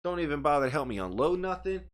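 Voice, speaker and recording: A man's voice: a little high, big pitch swings, quick pace. A man co-hosting a podcast, telling a story in a heated, profane rant and talking with his hands in a studio. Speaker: podcast co-host. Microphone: studio microphone.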